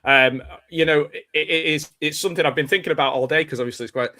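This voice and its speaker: A man's voice: fairly high pitch, fast, sharp tone, dry recording. A man hosting an interview show, wrapping up casually with many ums and restarts. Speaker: host of the channel.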